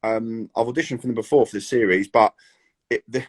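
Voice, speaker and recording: A British man in his thirties chatting as an actor guest in an interview, animated and full of acted-out quotes. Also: mid-range voice, a little fast, husky. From Britain. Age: 30s. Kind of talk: casual interview chat.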